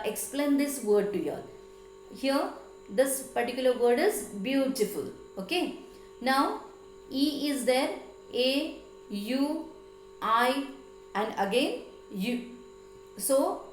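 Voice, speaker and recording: A woman with an Indian English accent teaches at a very slow, deliberate pace, spelling out words letter by letter. Her voice sits a little high and rings in an echoey room with faint music behind. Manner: slow, careful, spelling out letters with frequent fillers. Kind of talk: classroom lesson explanation.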